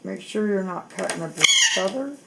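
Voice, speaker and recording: A woman demonstrating how to trim a pet bird's wings at home, speaking haltingly with fillers and restarts. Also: medium pitch, expressive, vocal fry. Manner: coos softly to her bird. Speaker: bird owner demonstrating grooming. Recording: loud background noise.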